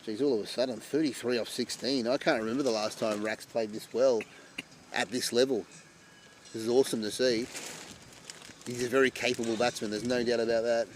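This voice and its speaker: A man calls a local cricket match live in a chatty, easygoing way, and he gets loud and excited when a wicket falls. His voice sits at an ordinary middle pitch. Faint outdoor ambience hums behind him. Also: brisk, a little hiss or hum. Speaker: cricket commentator. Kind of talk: live amateur sport commentary.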